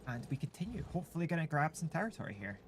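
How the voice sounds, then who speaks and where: A woman's voice: sits low, sing-song, breathy edge. A Scottish woman, a game developer, chatting casually and reacting upbeat during a livestream. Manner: upbeat, quick reactions and agreement. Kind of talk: casual livestream gameplay chat.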